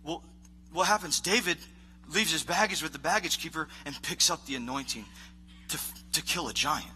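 A man preaching a casual, animated sermon as a youth pastor, acting out voices of characters. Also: on the high side, moderate pace, slight background noise.

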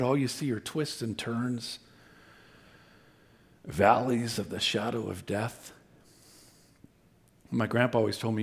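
A man preaching a sermon, speaking with animated intensity and acting out God's words with rising emphasis. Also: mid-range voice, creaky, breathy edge. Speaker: pastor.

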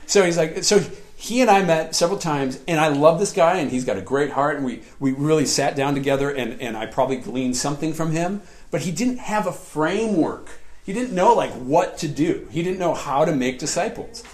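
A man preaching a sermon in a lively storytelling way, often laughing as he tells personal stories. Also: on the high side, fairly quick. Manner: animated, laughs often while telling stories. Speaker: pastor.

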